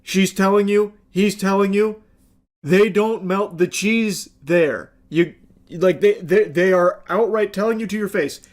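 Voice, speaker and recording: A man's voice: high-pitched, a little slow. A man commenting on a video clip in a sarcastic, exasperated way, swearing bluntly. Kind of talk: reaction commentary.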